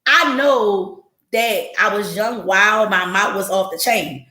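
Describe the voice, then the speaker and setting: A woman's voice: mid-range voice, slow pace. A woman in her forties hosting a podcast, talking bluntly and with plenty of profanity in a casual monologue to her listeners. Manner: blunt, profane and animated, jumping into quoted voices. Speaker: podcast host. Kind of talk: casual monologue to a live audience. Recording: echoey room.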